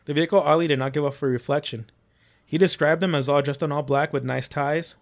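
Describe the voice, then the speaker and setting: A man's voice: on the high side, fairly even intonation, fast. A man hosting a casual podcast, reading paranormal accounts aloud with small slips and restarts.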